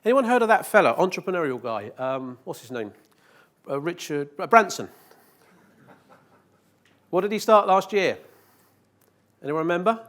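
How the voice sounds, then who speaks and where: A man's voice: high voice, lively intonation, moderate pace, pauses often, a bit bright. A man giving a live conference presentation, joking with the audience and asking rhetorical questions. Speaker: conference speaker. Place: conference hall.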